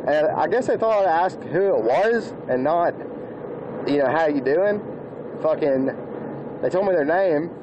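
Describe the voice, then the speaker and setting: A man's voice: fairly high pitch, animated, measured pace, muffled recording. A young man from Alabama with a Southern accent, rambling through a profane story while driving. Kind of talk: casual vlog storytelling. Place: inside a moving car. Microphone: phone camera. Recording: phone video with loud car noise. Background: car and road noise.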